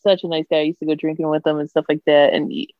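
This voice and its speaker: A man's voice: a little high, level tone, quick pace, dry recording. A man co-hosting a podcast, reminiscing fondly in an easygoing casual chat. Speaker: podcast co-host. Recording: dull, muffled mic.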